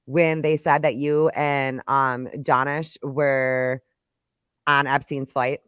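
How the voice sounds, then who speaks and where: A woman's voice: a bass voice, flat delivery, slow pace, a bit bright, smooth, no room sound, studio quality. Brash joking woman podcast host. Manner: brash, joking, rambling with many fillers. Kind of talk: casual podcast chat.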